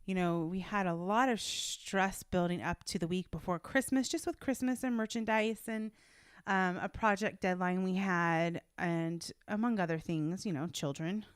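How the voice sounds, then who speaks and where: Laughing, chatty mom co-hosting a podcast. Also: female voice, lowish voice, normal speed, clean tone, dry recording, studio quality. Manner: laughs often, animated storytelling. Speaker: podcast co-host. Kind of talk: casual chat.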